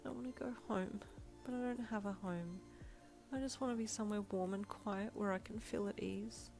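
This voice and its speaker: A woman's voice: mid-range voice, moderate pace, creaky, a little mellow, faint music behind, voice pushed up, lightly acted. A woman playing a casual, slangy young woman. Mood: wistful.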